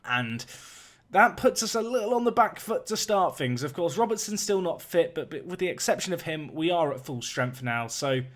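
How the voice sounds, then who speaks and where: Excitable man calling a game match. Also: fairly high pitch, normal speed. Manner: excitable play-by-play, rising on chances. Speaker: let's play commentator. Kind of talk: video game match commentary.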